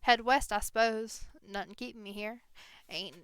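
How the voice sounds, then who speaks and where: A woman's voice: fairly high pitch, fairly even intonation, moderate pace, fairly bright tone, dry recording, natural voice. Susie, a woman doing a bitter frontier woman. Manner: subdued, rough folksy grammar.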